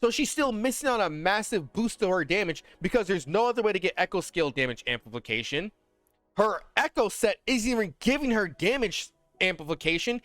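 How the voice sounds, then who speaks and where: A man with a fairly high voice rants about games in loose, slang-heavy talk, fired up and swearing freely. His voice sounds dry and close, with no room echo. Quiet music plays faintly underneath. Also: big pitch swings, normal speed. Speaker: gaming content creator. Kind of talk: casual ranting commentary.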